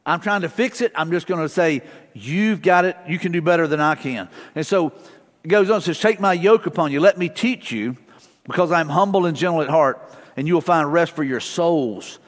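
In a church sanctuary with long hall reverb, a middle-aged pastor preaches casually and conversationally, mixing family stories with repeated short prayers. His voice is fairly high and his pace moderate.

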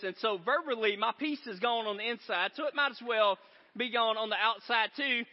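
High-voiced pastor preaching in a hall. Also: male voice, brisk. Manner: conversational storytelling, animated and joking. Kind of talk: sermon. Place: large church sanctuary. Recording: reverberant hall, dull sound.

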